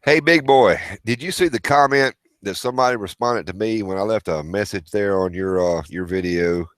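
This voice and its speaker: Low-voiced man rambling through a livestream. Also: moderate pace, dry recording. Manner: rambling, reads out viewer chat and greets viewers by name. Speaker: livestream host. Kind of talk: casual livestream chat.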